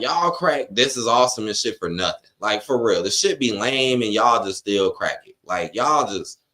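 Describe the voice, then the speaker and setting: A man's voice: fairly low pitch, pushed and bright. A man, ranting with frustration and profanity while reacting live on a watch-along stream and reading chat aloud.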